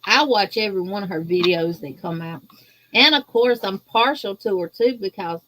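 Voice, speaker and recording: A woman from Louisiana with a Southern accent, guest-hosting a crochet livestream and chatting casually with viewers, greeting them in a folksy, drawn-out way. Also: mid-range voice, fairly bright tone, a little hiss or hum. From Louisiana, USA. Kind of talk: casual livestream chat reading viewer comments.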